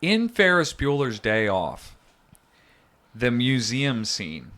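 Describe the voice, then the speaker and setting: A man's voice: mid-range voice, wildly swooping pitch, takes it slowly, fairly bright tone. A man co-hosting a podcast in a studio, rambling and joking as he tells stories. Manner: rambling, jokey storyteller. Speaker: podcast co-host. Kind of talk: casual chat.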